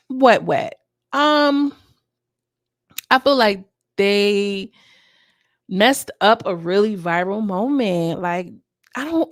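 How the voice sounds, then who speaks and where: A woman's voice: medium pitch, no room sound, studio quality. A young woman giving a casual, gossipy recap of a reality show, acting out what the cast said. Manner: chatty, gossipy, acts out quotes from the cast.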